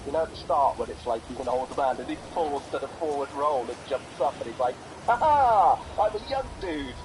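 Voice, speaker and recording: A man's voice: mid-range voice, fairly even intonation, fast talker. A man in his thirties, co-hosting a podcast in casual chat, telling rambling jokey stories with lots of restarts. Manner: joking, rambling storyteller with frequent restarts. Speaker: podcast co-host. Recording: noisy background hiss.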